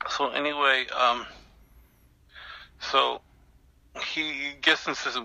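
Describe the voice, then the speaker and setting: A man's voice: mid-range voice, fairly even intonation, takes it slowly, gravelly, pauses often, sharp tone, no room sound, low-quality recording. An older man being interviewed, telling a long story in a rambling way with many restarts and fillers. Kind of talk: recounting an anecdote in an interview.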